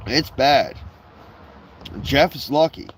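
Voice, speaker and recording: A man's voice: medium pitch, animated, slow pace, fairly bright tone, slight background noise, poor audio. A man chatting on a casual live stream from his backyard, rambling and swearing freely as he drifts between topics. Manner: rambling, profane, digressive. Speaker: livestreamer.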